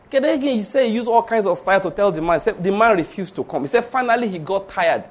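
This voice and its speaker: Man, preacher, storytelling sermon, high voice, animated hushed-to-loud swings. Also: quick pace, few pauses.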